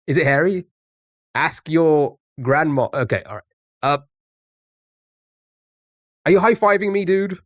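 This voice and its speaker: A man's voice: on the high side, expressive, measured pace, pauses often, dry recording, clean studio sound. A man live-streaming a word game, chatting casually and greeting viewers by name.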